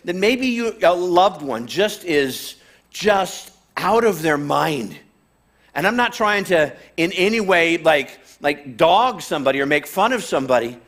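A pastor with a notably high voice delivers a casual but emphatic sermon. He leans on repetition, stacking phrase after phrase to drive each point home, and talks to his listeners in an easy, everyday way. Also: a bit bright. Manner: conversational, emphatic, repeats phrases for build-up.

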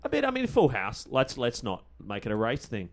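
A man's voice: medium pitch, huge pitch swings, brisk. A man co-hosting a podcast, chatting casually and bluntly teasing the others. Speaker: podcast co-host. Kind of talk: casual chat.

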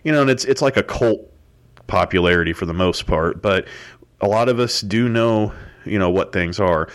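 An American man hosts his own podcast in a solo monologue, rambling loosely with plenty of fillers and restarts. His voice is fairly low in pitch, and he speaks at a normal speed.

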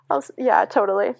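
A woman's voice: high-pitched, vocal fry, no echo. A Canadian woman co-hosting a podcast while sick, chatting casually and rambling off on giggly tangents. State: sick, congested. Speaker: podcast co-host. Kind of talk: casual chat.

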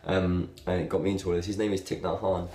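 Low-voiced young man, rambling. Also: fast talker. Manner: relaxed, rambling, with fillers and laughs. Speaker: video blogger. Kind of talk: casual talk to camera. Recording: echoey room.

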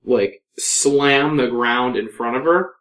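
A man narrating as game master, calmly explaining rolls and describing the action. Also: mid-range voice, slow, poor audio. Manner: relaxed, explaining rules and describing scenes.

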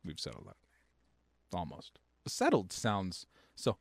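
A man's voice: low voice, wildly swooping pitch, unhurried, no room sound, studio quality. A man co-hosting a podcast in a loose, joking chat and laughing often. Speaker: podcast co-host. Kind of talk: casual chat.

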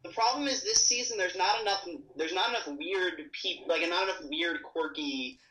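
A man's voice: high-pitched, moderate pace, pushed and bright, slight background noise, poor audio. A man co-hosting a casual podcast, teasing the guests with mock outrage. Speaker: podcast co-host.

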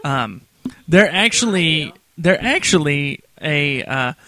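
A man's voice: a little high, animated, slow pace, sharp tone. A man co-hosting a podcast in casual chat, rambling easily through a story. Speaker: podcast co-host.

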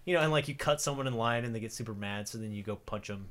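A man's voice: lowish voice, rapid-fire, fairly bright tone. A man chatting casually as a podcast co-host, acting out quoted voices and laughing often. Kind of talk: casual chat.

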